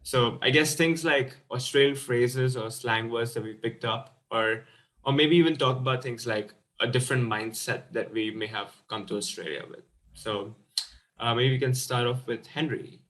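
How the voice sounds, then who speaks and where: A man's voice: medium pitch, moderate pace, fairly bright tone. A man hosting an online panel chat over a video call, upbeat and laughing often. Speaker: host.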